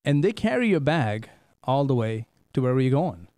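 A middle-aged man from India, hosting a talk show and telling stories in a casual, animated way, often repeating words. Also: mid-range voice, a little fast, no room sound, clean studio sound. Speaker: host. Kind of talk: casual storytelling chat.

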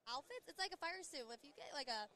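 A bubbly young woman from Missouri chats as a podcast guest, laughing often and slipping into folksy slang. She talks quickly in a slightly high voice. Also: animated, bright, forceful tone. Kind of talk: casual podcast chat. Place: busy trade show floor.

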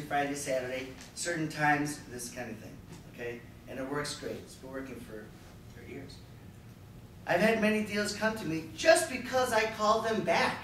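A man giving a jokey talk on sales to a live audience, lively and slipping into silly voices. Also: fairly high pitch. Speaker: sales speaker. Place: room with an audience. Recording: echoey room from a distance, faint noise.

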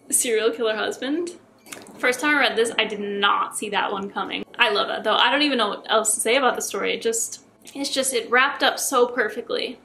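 A woman YouTuber reading short scary stories aloud in a chatty, expressive way. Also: on the high side. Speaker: YouTube storyteller.

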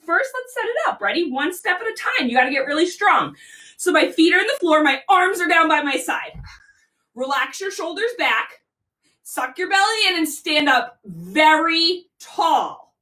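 A woman teaching a children's yoga class in an animated, playful, sing-song way. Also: very high-pitched, normal speed, recorded from a distance.

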